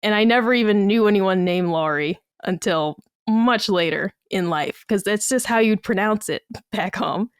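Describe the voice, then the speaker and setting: A woman's voice: mid-range voice, moderate pace, few pauses, clear, resonant tone, no room sound, clean studio sound. A woman with a Massachusetts accent, chatting casually on a podcast and telling stories that quote other people along the way. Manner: chatty storytelling, quotes people in lively asides. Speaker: podcast co-host.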